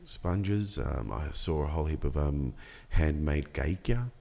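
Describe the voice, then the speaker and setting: A middle-aged man with a deep, gravelly voice tells a personal story in a relaxed podcast conversation. He talks in an unhurried, reflective way, pausing often with ums as he gathers his thoughts. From Australia. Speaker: podcast guest. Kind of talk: storytelling in casual chat.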